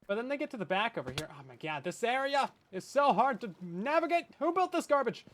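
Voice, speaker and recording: Young canadian guy streaming, high voice that bounces all over, jokes at himself, chats w/ chat. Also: very animated, fairly quick, a bit bright, slight background noise. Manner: jokey, self-deprecating, chatty with viewers. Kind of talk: casual gameplay commentary. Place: hot bedroom.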